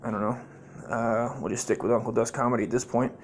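A man tells profane, rambling comic stories as host of his own podcast. His pitch sits in an ordinary middle range, and a faint hiss runs under the recording. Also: little pitch movement, quick pace. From United States. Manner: profane, rambling storytelling with many fillers. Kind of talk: rambling comedic monologue.

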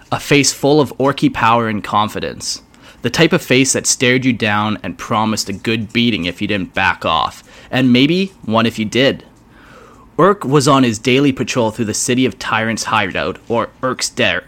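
A man casually reading a fantasy fan story aloud, with wry, joking asides. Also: fairly low pitch. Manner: lively, wry asides with swearing. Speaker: story reader.

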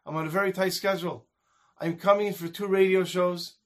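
A stubborn, soft-hearted showman voiced by a man telling a story. He pleads earnestly in a fairly high voice. His words come through plainly, with no theatrical coloring. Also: steady tone, brisk. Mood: apologetic. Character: famous male comedian-singer, kind-hearted, stubborn.

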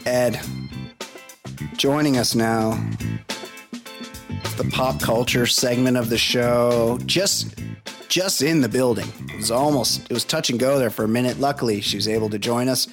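A man's voice: mid-range voice, unhurried, long pauses, music in the background. Man hosting a casual comedy podcast. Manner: joking, crude and loose. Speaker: podcast host.

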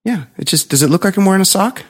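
Husky man telling a rambling story. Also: very fast. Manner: rambling storyteller, mimics others in a low flat voice. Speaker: podcast co-host. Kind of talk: casual chat.

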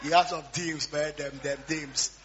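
A man preaching a storytelling sermon, swinging between quiet asides and loud shouts. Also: a little high, fairly even intonation, a little slow. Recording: dull lo-fi sound with faint hum.

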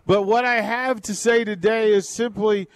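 High-voiced man ranting on sports radio. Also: normal speed, smooth, no room sound. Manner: animated, sarcastic, exasperated rants with vivid comparisons. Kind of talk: fired-up sports talk.

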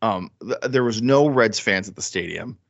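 A man's voice: on the low side, expressive, normal speed, gravelly, a bit bright. A man co-hosting a casual sports podcast, telling rambling stories and swearing freely. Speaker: podcast co-host. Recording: dull lo-fi sound.

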